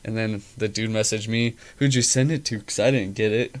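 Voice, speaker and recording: A man's voice: fairly low pitch, fairly even intonation, fairly quick. A young man co-hosting a podcast, chatting casually, joking and swearing freely. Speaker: podcast co-host.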